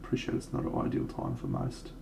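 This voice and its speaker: A man's voice: quick pace, background noise. A young Australian man chatting casually and laughing easily while painting models on a live stream.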